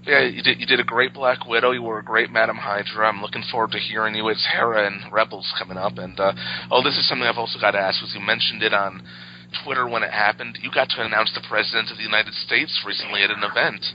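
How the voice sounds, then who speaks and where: A man's voice: on the low side, steady tone, highs cut off, a little hiss or hum. A man hosting an interview, asking questions like an eager fan and chuckling along. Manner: enthusiastic fan, quick, chuckling. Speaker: host.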